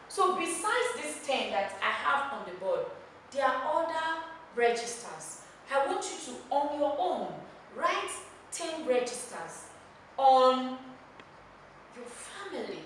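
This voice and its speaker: A woman's voice: high voice, big pitch swings, takes it slowly, a little hiss or hum. A woman with a Nigerian accent teaching a classroom lesson, emphatic and repeating key words as she drills the class. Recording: echoey room, mic far off.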